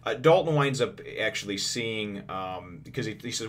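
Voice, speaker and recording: A man with a fairly low voice hosts a casual comic review, rambling along with plenty of fillers, restarts and quick laughs. A faint hiss sits under the recording. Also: lively intonation. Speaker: host.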